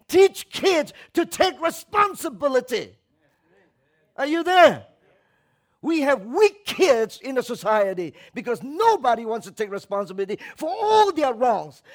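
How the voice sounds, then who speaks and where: A man preaching a sermon, emphatic and calling for responses from the congregation, swinging between loud exhortation and quiet remarks. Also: extremely high pitch, very animated, unhurried. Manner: acts out quoted voices with mocking tones.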